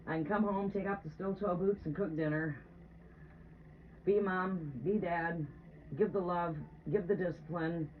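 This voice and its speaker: A woman's voice: fairly low pitch, steady tone, measured pace. A woman giving a casual live tarot stream at home, chatting to viewers as she moves around. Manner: chatty, talks to viewers while moving around. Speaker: tarot reader. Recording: distant, phone-like with faint noise.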